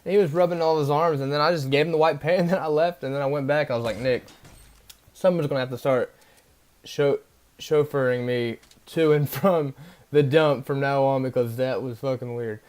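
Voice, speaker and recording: A man's voice: mid-range voice, steady tone, moderate pace, darkish tone. A young man casually telling a rambling story on his vlog, full of fillers and tag questions. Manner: rambling, filler-heavy, keeps asking "right?". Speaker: vlogger.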